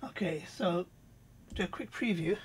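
A man's voice: high-pitched, breathy edge. Casual man thinking aloud. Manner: off-the-cuff, thinking aloud with fillers and quick asides. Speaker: product reviewer. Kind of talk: casual screen-recorded software demo.

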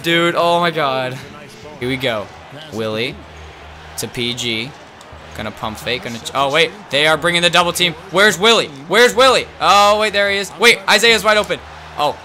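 A young man commentating his own basketball video game, muttering, then shouting at big plays. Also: a little high, moderate pace, slight background noise. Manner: swings between muttering and excited shouting. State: nervous, voice strained. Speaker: gaming YouTuber. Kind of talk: live gameplay commentary.

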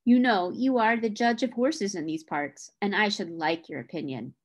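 A woman's voice: mid-range voice, moderate pace, close to an everyday voice. A woman reading the lines of a proud military captain who asks a friend's opinion of his horses. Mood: breezy. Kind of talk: reading a novel aloud.

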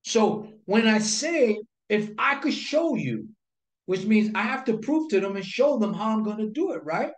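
This sales coach talks to camera at a moderate pace, barely pausing, in a high, animated voice. The room is echoey, and his lesson on sales technique is emphatic, full of repeated key phrases and rhetorical questions.

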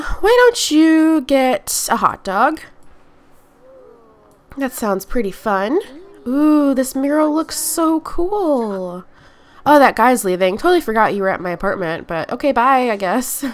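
A young woman giving chatty Let's Play commentary, talking to her game characters, her nose stuffy from allergies. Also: a little high. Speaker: gaming YouTuber.

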